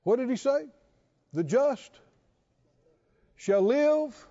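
A man's voice: very high voice, lively intonation, extremely slow, dark tone, muffled recording. A man preaching a sermon to a responding congregation, repeating questions and building to emphatic calls.

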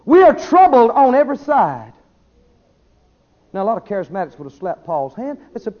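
High-pitched animated male preacher. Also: normal speed, pauses often. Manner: animated preaching, swinging from shouts to low asides. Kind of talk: sermon. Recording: dull lo-fi sermon recording.

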